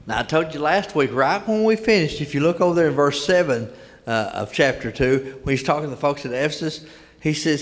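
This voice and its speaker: In a church sanctuary with the long reverb of the hall, an older man preaches, telling folksy stories and repeating key words for emphasis. His voice is on the high side, lively in intonation and fairly quick.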